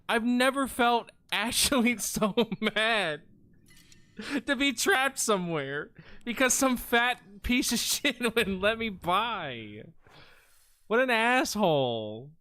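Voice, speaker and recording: A man streaming a horror game, yelling and swearing in exasperation at an enemy that blocks his way, then laughing it off. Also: high-pitched, sing-song, takes it slowly, no echo. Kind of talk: casual gameplay commentary.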